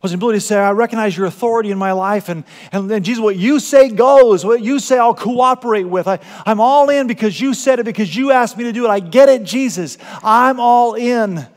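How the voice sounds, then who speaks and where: Man, pastor, sermon, high voice, long hall reverb. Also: a little fast, hardly any pauses. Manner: animated preaching, swinging from loud exclamations to quiet asides. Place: church sanctuary.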